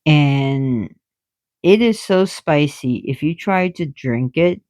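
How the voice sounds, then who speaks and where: Slow-talking excitable woman teacher. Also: low-pitched, dry recording. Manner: excitable, giggly, jumping between soft whispers and loud bursts. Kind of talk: casual explanatory talk.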